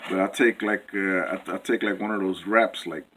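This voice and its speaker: A man's voice: lowish voice, steady tone, normal speed, fairly bright tone, slight background noise, poor audio. A man rambling through a casual home cooking vlog, full of fillers and restarts, joking with himself as he talks. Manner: jokey, self-amused. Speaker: cooking video host.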